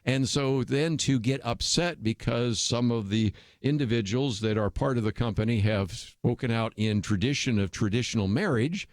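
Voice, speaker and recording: A man's voice: mid-range voice, moderate pace, hardly any pauses, no room sound, clean studio sound. A man hosting a radio talk show, giving opinionated commentary in a conversational way with frequent fillers. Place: radio studio.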